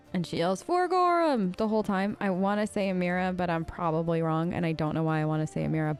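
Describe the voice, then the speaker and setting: A woman hosting a let's play, casually thinking aloud and chatting as she plays. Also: lowish voice. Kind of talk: casual gameplay commentary.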